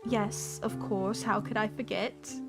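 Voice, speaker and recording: A woman reading aloud who voices a tactful, formal British man, putting on a British accent and speaking in a polite, measured, gently grave way. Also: medium pitch, fairly even intonation, over music. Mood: courteous. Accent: British (put on).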